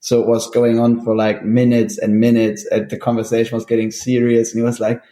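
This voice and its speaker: A man's voice: medium pitch, a little fast, hardly any pauses, roomy sound. A man, a guest on an interview show, who chats casually and laughs often. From Germany. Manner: laughs often, relaxed with many fillers. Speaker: guest musician.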